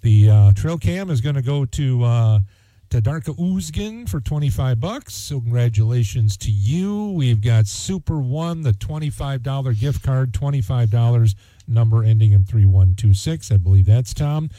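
Dark, dry-voiced man hosting local radio. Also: mid-range voice, expressive, normal speed, no room sound. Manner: folksy, chatty, lots of fillers. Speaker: radio host. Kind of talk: charity auction wrap-up.

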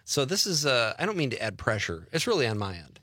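A man's voice: medium pitch, sing-song, fast talker, bright, forceful tone, breathy edge, no echo, studio quality. A man hosting a radio show, chatting casually and joking with his guest. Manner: joking, conversational.

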